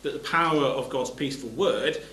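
A man's voice: mid-range voice, normal speed, pushed and bright, reverberant, a little hiss or hum, poor audio. A man giving a sermon. He reads scripture aloud and explains it plainly, stopping to restart his phrases. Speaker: preacher.

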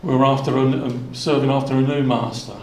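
A man's voice: medium pitch, fairly even intonation, a little fast. Earnest preacher man in an echoey hall. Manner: earnest, conversational, many asides and restarts. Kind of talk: expository Bible sermon. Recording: echoey room.

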